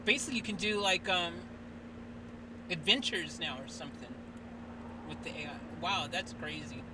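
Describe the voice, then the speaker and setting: The live stream's host talks at a normal speed in a slightly high voice. He rambles in a casual, chatty way with many fillers and restarts, and there is a noisy hiss in the background.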